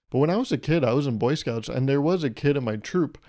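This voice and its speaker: A man's voice: mid-range voice, mellow. A young man hosting his own podcast, rambling through a solo comedic monologue in a sarcastic, mock-serious way and laughing at his own jokes. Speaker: podcast host.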